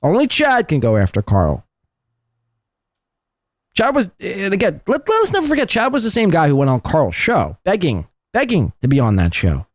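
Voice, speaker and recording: A man hosting a podcast, commenting on played clips in a mocking, sarcastic way that swings up into a high pitch when he ridicules someone. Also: huge pitch swings, normal speed, dry recording, clean studio sound. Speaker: podcast host.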